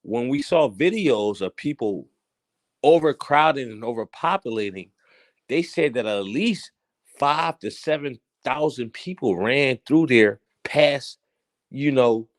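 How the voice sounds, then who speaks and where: A man hosting a casual current-events commentary, teasing and theatrical, swinging between loud outbursts and hushed asides. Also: mid-range voice, animated, a little slow. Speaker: host.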